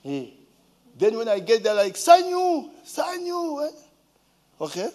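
A man with a Ugandan accent tells a casual story in a high-pitched voice. His pitch swings widely, and he keeps throwing in rhetorical questions. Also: normal speed. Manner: animated, rhetorical questions, mimics a child's voice.

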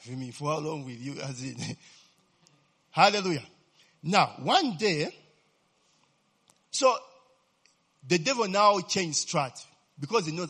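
A man's voice: on the high side, expressive, slow, long pauses, bright, forceful tone, breathy edge. A man preaching a sermon to a congregation, tagging his sentences with a questioning "eh?", prompting answers and chuckling as he goes. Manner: chuckles often mid-sentence. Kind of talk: lively sermon with audience call-and-response.

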